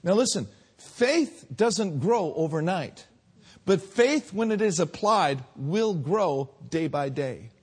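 Husky emphatic preacher man. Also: animated. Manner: emphatic, swinging between loud drawn-out peaks and quiet low lines. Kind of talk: sermon.

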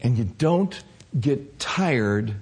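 Hoarse male pastor preaching passionately. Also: medium pitch, animated, drawn-out words. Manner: impassioned, swinging from soft to shouting. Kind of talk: sermon.

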